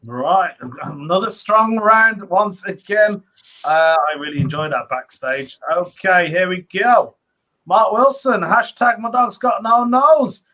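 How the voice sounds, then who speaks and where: A British man reading audience puns aloud on a comedy stream, clearly relishing them. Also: high-pitched, slow pace, bright, forceful tone. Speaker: reader of audience jokes.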